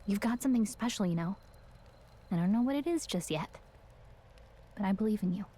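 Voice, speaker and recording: An actress playing an earnest, caring young companion in a video game, talking in an encouraging, conversational way. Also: female voice, mid-range voice, lively intonation, fairly quick, warm tone, slightly rough. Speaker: game character.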